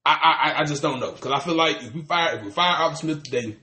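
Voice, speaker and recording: A man's voice: on the high side, fast, sharp tone, reverberant. A man, co-hosting a podcast in casual chat, ranting animatedly and cursing with lots of restarts. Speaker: podcast co-host.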